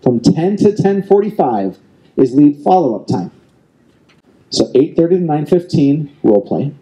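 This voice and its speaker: A man's voice: on the high side, animated, a little slow, mellow, rough recording. A middle-aged man, a real estate team leader, giving an emphatic motivational keynote on stage and coaching the audience directly with lots of repetition. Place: event stage before a live audience.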